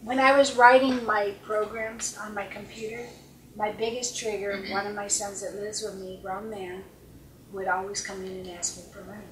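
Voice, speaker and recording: A middle-aged woman coaching at a seminar, earnest, often acting out short dialogues and sometimes dropping to a calm hush, recorded with a distant mic in an echoey conference room. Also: medium pitch, moderate pace, noisy background. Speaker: life coach speaker. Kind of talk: seminar talk.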